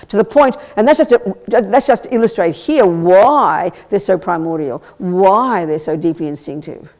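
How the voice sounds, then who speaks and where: A Buddhist nun giving a live teaching, talking in an animated, emphatic way with rhetorical questions, wry blunt asides and stammered restarts. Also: female voice, mid-range voice. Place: teaching hall at a Buddhist centre.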